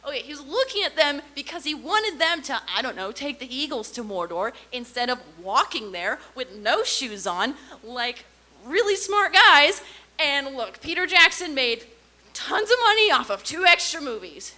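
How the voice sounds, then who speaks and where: Young female stand-up comic, sarcastic storyteller with a bright, slightly high voice, faint hiss on the tape. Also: sing-song, normal speed. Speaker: stand-up comedian. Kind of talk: stand-up comedy set.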